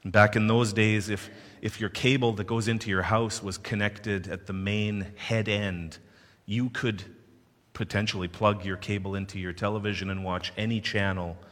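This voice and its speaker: A man's voice: on the low side, moderate pace. A man from Canada telling a personal story with playful asides to his listeners. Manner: animated, playful asides to the audience. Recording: long hall reverb.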